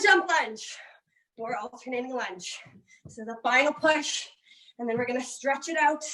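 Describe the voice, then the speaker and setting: High-pitched, upbeat Canadian woman coaching a workout. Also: expressive, moderate pace, pauses often, a bit bright. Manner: upbeat, encouraging, counting down reps. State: out of breath. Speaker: fitness coach. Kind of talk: home workout class instruction.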